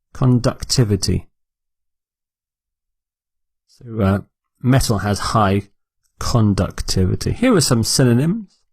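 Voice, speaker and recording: Guy teaching english words real slow, says each one twice, dry close sound. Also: medium pitch, darkish tone, dry recording. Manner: repeats each word clearly for learners. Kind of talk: slow, deliberate vocabulary lesson.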